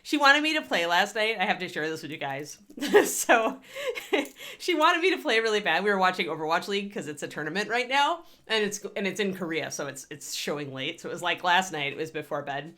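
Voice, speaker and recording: A woman's voice: lowish voice, animated, brisk, few pauses, bright, forceful tone. A woman hosting a livestream about painting miniatures, chatting casually in a giggly, rambling way with frequent restarts.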